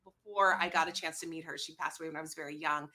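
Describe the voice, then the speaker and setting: Bright animated woman telling a story. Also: low-pitched, quick pace, slight background noise. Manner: animated, acts out quoted voices. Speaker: guest. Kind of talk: personal storytelling on a talk show.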